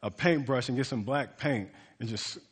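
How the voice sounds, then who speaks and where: A man's voice: mid-range voice, a little fast, breathy edge, big-room sound. A man preaching a sermon as pastor, in a casual, conversational way with frequent restarts and fillers.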